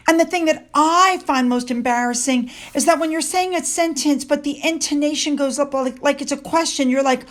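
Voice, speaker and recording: A woman with a high voice talks through the news in casual, opinionated commentary. She is sarcastic and indignant, reading out quotes and answering them with scorn. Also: normal speed, few pauses. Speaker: commentary channel host.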